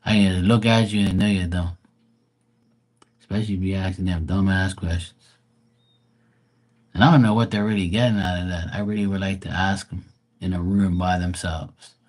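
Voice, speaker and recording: This live-stream rant comes from a man with a low-pitched, steady voice who talks at a normal speed but leaves long pauses. He's profane and mocking, drawling as he imitates people in exasperated put-on voices.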